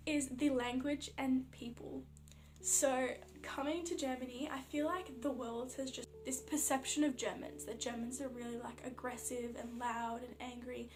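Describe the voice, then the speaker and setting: A young woman with an Australian accent talks casually to camera, her voice sitting notably high. She tells stories in a chatty, animated way, dropping plenty of fillers, with a faint hum behind her. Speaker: athlete vlogger.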